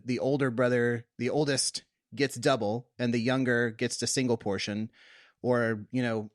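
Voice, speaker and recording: A man co-hosting a casual Bible discussion podcast, animated and quick to laugh, sometimes slipping into comic voices. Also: mid-range voice, no room sound, studio quality. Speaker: podcast co-host.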